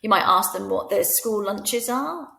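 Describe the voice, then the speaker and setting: A woman talks teachers through a French lesson in a patient, instructional voice-over. She sounds out the French words slowly and clearly, and her voice carries a noticeable room echo. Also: medium pitch, animated, bright, forceful tone. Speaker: teacher trainer.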